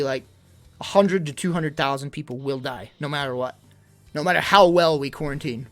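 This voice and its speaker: Breathless young man rambling on stream. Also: moderate pace. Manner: rambling, worried, swings from loud emphasis to low mutters. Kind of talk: casual live-stream chat. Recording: faint music behind.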